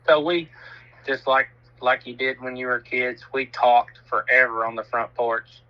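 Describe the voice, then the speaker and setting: A man's voice: mid-range voice, fairly even intonation, a little slow, highs cut off. A man, telling a self-mocking story in casual chat and swearing freely. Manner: laid-back, laughs at himself, swears freely.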